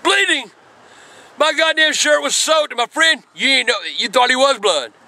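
Older man, sharp, high voice; rambling, foul-mouthed storyteller, shouts often. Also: expressive, normal speed, no room sound. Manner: cursing, repetitive, bursts into shouting. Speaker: channel regular.

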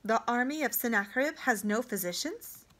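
A woman's voice: on the high side, normal speed. A woman reading a proud, terse boy captive. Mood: guarded. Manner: terse, steady, curt answers. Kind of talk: storybook reading.

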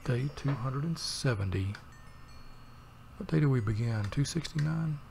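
A man's voice: mid-range voice, lively intonation, a little slow, gravelly, a little mellow, a little hiss or hum. A man, hosting a let's play and rambling wryly while he plays, thinking aloud with plenty of fillers. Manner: meandering, wry, thinks aloud with many fillers. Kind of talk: rambling gameplay commentary.

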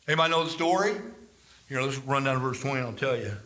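Animated, bright-voiced male Bible teacher. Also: mid-range voice, quick pace, roomy sound. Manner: animated, rambling storytelling with dramatized scripture.

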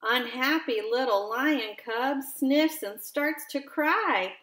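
A woman reading a counting picture book aloud with expression, stopping to ask a child gentle questions. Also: high-pitched, slow. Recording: roomy echo.

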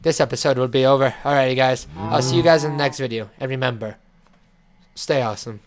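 A man hosts a let's play, offering playful gameplay commentary while chatting to and scolding his in-game animal. His mid-range voice is fast, over crowd noise and clear background noise with clicking.

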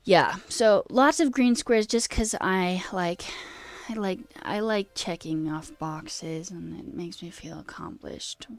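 A woman streaming as a coding host, chatting casually and rambling with self-deprecating asides while her pitch jumps up mid-sentence. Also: slow pace, creaky, dry recording. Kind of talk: casual live-stream chat.

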